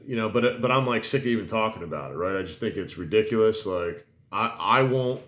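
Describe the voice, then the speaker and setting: A man's voice: fairly low pitch, lively intonation, a little fast, a bit bright. Emphatic rambling man in a roomy space. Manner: rambling and emphatic, swearing, many restarts. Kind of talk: casual chat. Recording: roomy echo.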